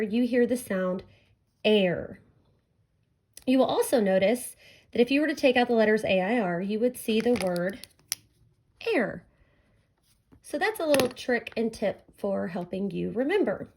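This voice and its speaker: A woman teacher giving a recorded phonics lesson to children, speaking clearly and drawing out each sound. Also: a little high, expressive, darkish tone. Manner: slow, clear, stretching out sounds for young learners.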